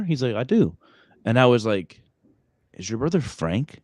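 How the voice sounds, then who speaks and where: A man's voice: mid-range voice, lively intonation, normal speed, darkish tone, no room sound, clean studio sound. A man hosting a podcast, telling rambling stories full of fillers and restarts. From Brooklyn, New York. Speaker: podcast host. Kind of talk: casual podcast chat.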